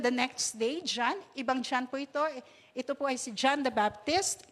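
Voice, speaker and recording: A woman pastor with a Filipino accent preaching a sermon, moving between Tagalog and English, laughing often and drawing out quoted lines. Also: high-pitched.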